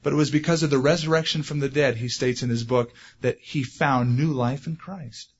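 A man preaching a sermon, animated, growing loud and high when he stresses a point. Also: moderate pace, breathy edge, dull audio. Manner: animated, rising loud for emphasis. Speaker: pastor.

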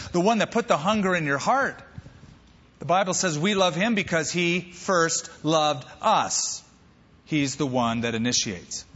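A man preaching a sermon as pastor, lively and animated, acting out quoted voices. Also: fairly high pitch, slightly rough, in a large hall, highs cut off.

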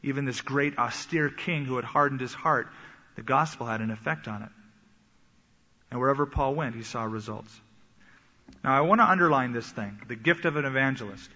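A man preaching a sermon, animated and acting out the voices he quotes. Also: mid-range voice, normal speed. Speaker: pastor. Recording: echoey hall, dull sound.

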